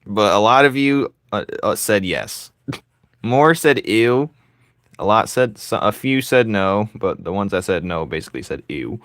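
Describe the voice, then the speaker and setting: A young man chats casually with viewers as he draws live, joking and teasing them between laughs. His voice sits a bit low but sounds bright and forward. The sound is dry and close. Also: lively intonation, normal speed, hardly any pauses, no room sound. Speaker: streamer drawing live and reading chat. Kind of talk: casual livestream chat while drawing.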